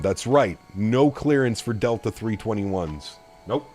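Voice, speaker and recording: A man's voice: lowish voice, expressive, slow pace, darkish tone. Canadian guy streaming flight sim, chill and chatty, cusses a lot, faint music behind. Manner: laid-back, chatty, swears freely. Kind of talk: casual live-stream commentary.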